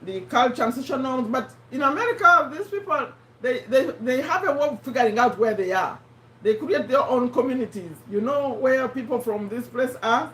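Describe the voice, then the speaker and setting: A woman's voice: fairly high pitch, far from the mic. Woman hosting a live stream, voice strained and failing, chatty, in a roomy space away from the mic. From Uganda. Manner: chatty, addresses viewers by name, repeats points. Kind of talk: casual live-stream chat.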